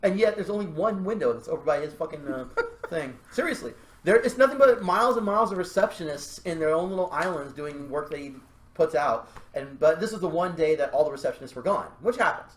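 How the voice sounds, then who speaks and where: Male podcast host, lively storyteller who laughs often; voice sits a bit high; roomy echo. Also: fairly quick. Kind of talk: casual podcast chat.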